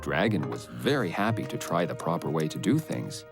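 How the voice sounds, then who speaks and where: Very deep-voiced woman narrating a cartoon. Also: big pitch swings, moderate pace. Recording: narration over cartoon music.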